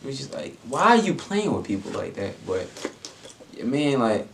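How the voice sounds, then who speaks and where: A man's voice: medium pitch, big pitch swings, moderate pace, creaky, fairly bright tone, slight background noise. A young adult man telling a personal story in a casual vlog, laid-back and slangy, with lots of fillers. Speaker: vlogger.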